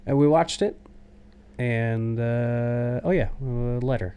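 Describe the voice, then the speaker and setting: A man's voice: mid-range voice, slow pace, warm tone, clear, resonant tone. A man from the United States co-hosting a podcast, telling stories in casual chat. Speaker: podcast co-host.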